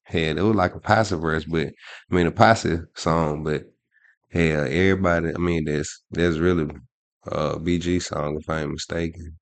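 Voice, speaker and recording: A man talks in a very deep, gravelly voice, spinning a loose and profane story. His delivery is casual and full of restarts. The sound is dry and close. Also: fairly even intonation, moderate pace, no echo. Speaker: podcast co-host. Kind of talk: casual chat.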